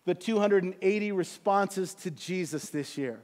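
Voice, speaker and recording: A man's voice: high voice, normal speed, a little mellow, a little hiss or hum. A middle-aged man preaching as a church pastor, telling a personal story and building to fervent, earnest exhortation. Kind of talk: sermon.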